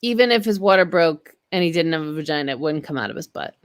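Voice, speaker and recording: A woman's voice: low-pitched, lively intonation, quick pace, clean tone, no echo. A woman in a casual writers' room chat, asking dry, pointed questions. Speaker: sketch writer.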